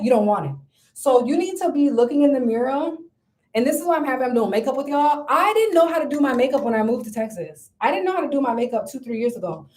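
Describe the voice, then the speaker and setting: A young woman with a high, bright-sounding voice talks straight to her viewers in a casual vlog. She gives dating advice in a sassy, emphatic way and keeps calling the listener girl. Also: low-quality recording. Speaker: vlogger.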